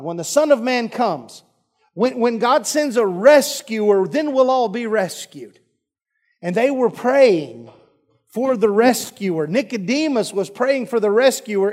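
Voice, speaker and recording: A man's voice: sits high, a little mellow. A male pastor preaching a sermon, folksy and joking with the congregation.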